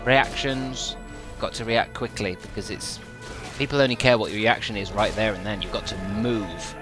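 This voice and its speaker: A man's voice: on the low side, moderate pace, over music. A young man chatting on a game stream, rambling and self-mocking with a dry, sardonic edge and casual swearing.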